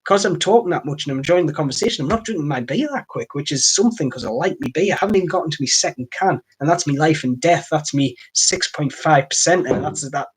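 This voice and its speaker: A man's voice: a little high, quick pace, hardly any pauses, husky. A man from North East England with a Durham accent, hosting a casual live stream from home and rambling along with "like I say". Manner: rambling, chatty, keeps saying "like I say". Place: home, next to his computer.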